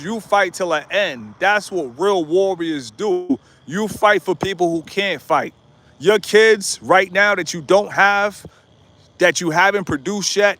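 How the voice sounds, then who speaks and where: A high, somewhat bright male voice comes through with slight background noise. It belongs to a YouTuber from the United States in his late thirties, who live-streams a blunt, repetitive motivational rant telling viewers to toughen up as he walks a residential neighborhood with cars going by.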